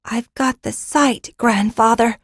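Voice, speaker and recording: A woman voicing a bold, eager young girl with the sight in an audiobook, proud and quick to exclaim. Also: fairly high pitch, dry recording, studio quality, voice pushed up. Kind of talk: audiobook character reading.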